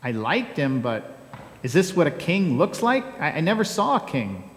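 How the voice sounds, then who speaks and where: A man's voice: a little high, big pitch swings. A pastor reading as a humble, folksy male donkey. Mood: wry. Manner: folksy, wry asides, slow and homey. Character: humble plainspoken male donkey telling his story. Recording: echoey church hall.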